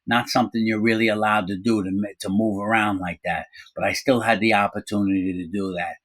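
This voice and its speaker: A middle-aged man casually telling a story from his own life, animated, acting out quoted voices, with frequent fillers. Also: on the low side, a little fast. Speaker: storyteller recounting his prison time.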